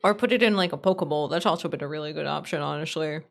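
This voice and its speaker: A woman streamer chatting casually with her viewers, rambling and animated, laughing often and swearing freely. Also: deep voice, quick pace, creaky.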